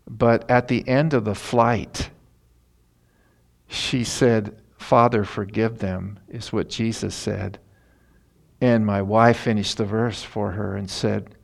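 A middle-aged man, a pastor, telling a story in a sermon in an earnest, animated way. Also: fairly low pitch, vocal fry. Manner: earnest, animated retelling with emphatic rises.

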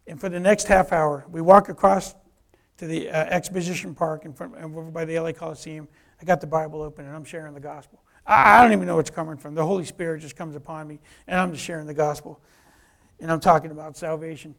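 A man tells his testimony in a lively storytelling way, with a high, gravelly voice. He acts out the dialogue and often restarts his sentences. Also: brisk. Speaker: speaker giving a personal testimony.

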